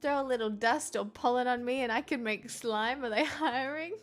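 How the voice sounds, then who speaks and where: A woman's voice: a little high, moderate pace, faint music behind. A tired Australian woman livestreaming, chatting with viewers, laughing often and swearing freely. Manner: giggly, sweary, rambling. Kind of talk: casual chat reading viewer comments.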